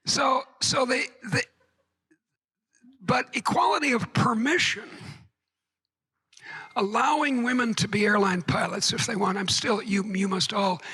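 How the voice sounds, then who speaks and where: A woman's voice: a little high, takes it slowly, pauses often, fairly bright tone, slightly rough, poor audio. A woman giving a conference keynote lecture to a live audience, wry and digressive, with joking asides. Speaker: keynote speaker.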